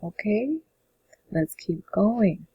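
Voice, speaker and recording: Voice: mid-range voice, animated, very slow, slightly rough, no echo, highs cut off. A Spanish teacher explaining a lesson step by step in a patient, repetitive way, often checking in with "okay?". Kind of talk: classroom-style lesson explanation.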